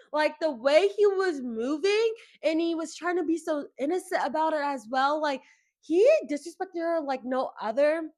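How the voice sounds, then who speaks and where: A young woman hosting her own podcast, talking casually in gossipy, animated rants. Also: sits high. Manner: animated, gossipy, quick rants with mimicked voices. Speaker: podcast host. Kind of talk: casual solo chat.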